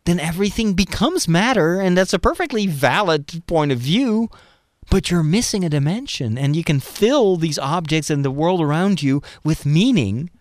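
A podcast host chats casually about movies, his fairly high, expressive voice moving at a normal speed in a dry recording. He's enthusiastic and thinks out loud, restarting his sentences often.

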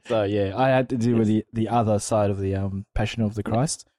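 A man co-hosting a casual chat podcast, telling stories in an animated way with halting restarts and laughter. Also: fairly low pitch, no echo. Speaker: podcast co-host.

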